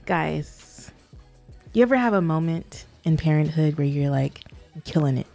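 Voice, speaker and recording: A woman's voice: sits low, lively intonation, moderate pace, gravelly, warm tone, soft background music. A woman in her thirties co-hosting a married couple's podcast, telling a family story earnestly and laughing easily. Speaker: podcast co-host. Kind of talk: casual storytelling.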